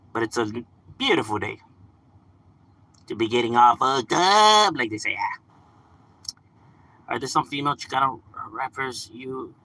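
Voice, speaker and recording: A young man from Southern California chatting casually on a live stream, relaxed, swearing and laughing often. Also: mid-range voice, creaky, a little hiss or hum. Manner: laid-back, laughs often, drops swear words and slang. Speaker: livestream gaming host.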